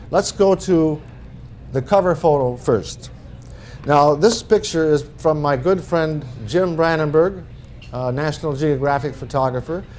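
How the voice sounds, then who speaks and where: A man's voice: a little high, darkish tone, a little hiss or hum. A middle-aged man from northern Minnesota giving a talk as an author, telling humorous anecdotes in a folksy way. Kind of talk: storytelling presentation.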